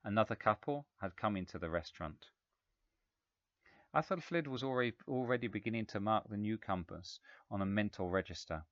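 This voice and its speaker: A man narrating a story in a measured, even reading voice. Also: lowish voice, no room sound. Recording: slightly dull, dry recording.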